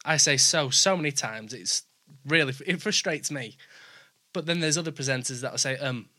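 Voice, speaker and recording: A man with a Yorkshire accent, a presenter in easygoing, quick chat. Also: a little high, pushed and bright. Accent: Yorkshire English. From Yorkshire, England. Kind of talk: casual chat.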